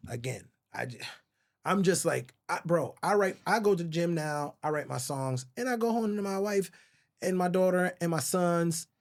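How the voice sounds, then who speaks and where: A man's voice: on the high side, animated, moderate pace, vocal fry. A middle-aged man from the Virgin Islands, a songwriter guest telling stories candidly and emotionally, swearing often and calling people bro. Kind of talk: casual storytelling interview.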